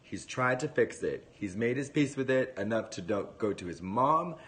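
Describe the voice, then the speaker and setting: A man chatting casually on a livestream, telling a rambling, animated story with plenty of swearing. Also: mid-range voice, normal speed.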